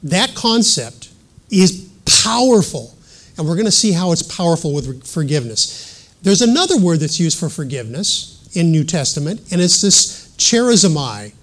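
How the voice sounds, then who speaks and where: A man's voice: a little high, big pitch swings, brisk. A middle-aged man preaching a sermon in an earnest teaching manner, reading scripture aloud and adding self-deprecating asides.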